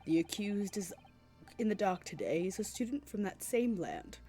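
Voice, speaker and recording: Woman doing a snooty prosecutor guy, cold and lofty, pretty lively pitch. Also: normal speed, soft background music. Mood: haughty. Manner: formal, lofty, clipped. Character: cold haughty male British prosecutor.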